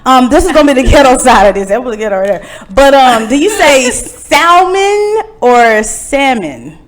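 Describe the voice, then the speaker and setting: Woman, show host, slightly high voice, casual chat, slangy, laughing. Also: lively intonation, fast talker. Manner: chatty, laughs often, slangy. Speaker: host of a live web show.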